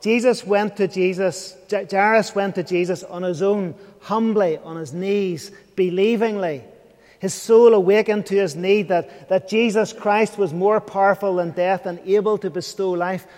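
A man delivers an evening sermon in a high, light voice, earnest and searching as he puts questions to his listeners. He sometimes sinks almost to a whisper. The sound carries a long reverb, as if from a large church hall. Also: steady tone, a little slow, a little mellow. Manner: earnest, questioning, drops to a near whisper at times. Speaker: preacher.

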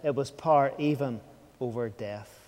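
A man's voice: mid-range voice, moderate pace, a little mellow, in a large hall. A man preaching an evening sermon, earnest and questioning, sometimes dropping to a near whisper.

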